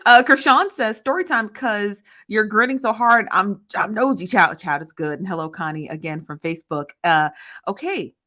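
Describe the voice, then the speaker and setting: Animated chatty woman livestream host. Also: mid-range voice, moderate pace. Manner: greets chat viewers by name, animated and chatty. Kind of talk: casual livestream chat. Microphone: phone.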